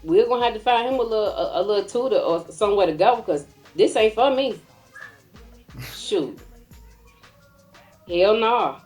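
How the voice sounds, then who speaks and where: Animated comic mom telling a story. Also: female voice, medium pitch, moderate pace, pauses often, faint music behind. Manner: animated and comic, acts out voices. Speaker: mother. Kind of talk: casual storytelling rant.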